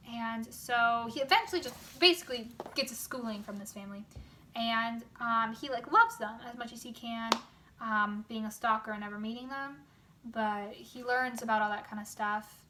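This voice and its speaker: A young woman with a sore throat casually summarizes a novel, rambling with lots of fillers, slangy asides, and quick, casual quoted voices. Her voice is fairly high, bright, and forceful.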